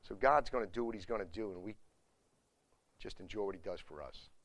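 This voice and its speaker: A man leading a Bible study, reading a church confession aloud slowly and firmly, then explaining it in humble, plain-spoken asides. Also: on the low side, fairly bright tone.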